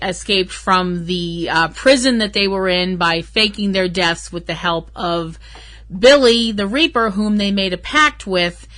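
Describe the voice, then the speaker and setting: A woman's voice: medium pitch, bright, forceful tone. A woman hosting her own podcast, talking in a rambling, chatty way with sarcastic asides. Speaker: podcast host. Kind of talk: casual solo podcast chat.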